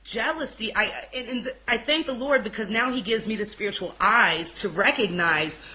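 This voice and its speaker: A woman's voice: on the high side, normal speed, bright, forceful tone, rough recording. A woman telling a personal story in a casual interview, candid and emotional, blunt at times.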